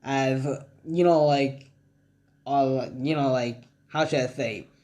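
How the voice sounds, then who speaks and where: A man's voice: mid-range voice, fairly even intonation, slow pace, dark tone. A young man narrating an improvised fan story in a rambling, casual way, full of fillers.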